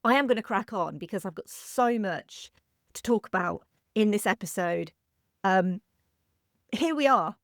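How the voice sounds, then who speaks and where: A woman's voice: medium pitch, lively intonation, a little slow, long pauses, dry recording, clean studio sound. A woman in her thirties hosting a film history podcast, speaking earnestly and gratefully, a little emotional. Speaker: podcast host. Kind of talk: heartfelt solo podcast monologue.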